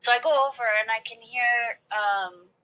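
A woman's voice: on the high side, normal speed, pushed and bright, dull audio. A woman in casual chat, telling a long personal story, saying "like" a lot and acting out what people said. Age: late 20s or older. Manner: chatty, lots of "like", acts out quotes.

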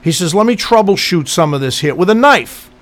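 A man telling a profane, animated story. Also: sits high. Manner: animated, profane, acts out quotes in quick bursts. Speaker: podcast co-host telling a story. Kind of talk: casual storytelling chat.

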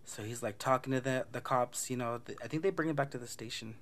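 A man's voice: mid-range voice, quick pace, fairly bright tone. A man hosting a casual podcast, retelling a movie plot in a loose, profane way and acting out the lines. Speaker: podcast host recapping a film.

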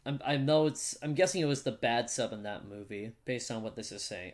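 A man's voice: mid-range voice, a little fast, few pauses. A man co-hosting a casual podcast, reading out movie facts and joking around, laughing often and restarting his sentences. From United States. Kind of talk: casual chat.

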